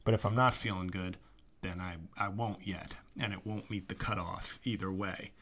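A man's voice: low voice, fairly even intonation, normal speed, fairly bright tone. A man hosting his own podcast, talking in a rambling, sarcastic way, swearing freely and griping about movies. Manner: sarcastic, rambling, swears freely, mocks actors with put-on voices. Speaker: podcast host. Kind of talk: casual solo podcast monologue.

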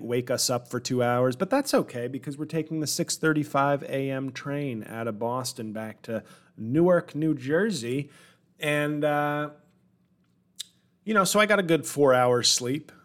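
A man in his forties talks alone on his podcast in a loose, comic ramble, wry about himself. He wanders between stories and gripes, often calling out to his listeners. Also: mid-range voice. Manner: rambling, self-deprecating, wry. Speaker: podcast host. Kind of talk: comedic solo monologue.

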